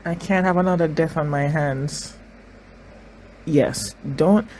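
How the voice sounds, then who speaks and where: Brief: reaction-video host, emotional and tearful, halting commentary full of repeats, mid-range voice. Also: mid-range voice, darkish tone, slight background noise, rough recording. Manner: emotional, repeats phrases, thinks aloud with many restarts.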